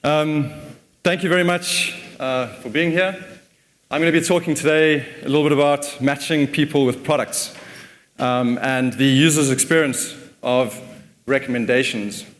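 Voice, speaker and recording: A man's voice: mid-range voice, moderate pace. A man giving a casual conference talk, often repeating words as he thinks. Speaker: conference speaker. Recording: long hall reverb.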